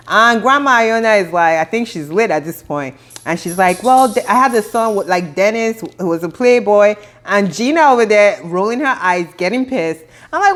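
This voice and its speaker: Chatty woman recapping reality TV. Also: medium pitch. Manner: chatty and opinionated, quoting cast members in sassy asides. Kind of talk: casual recap commentary.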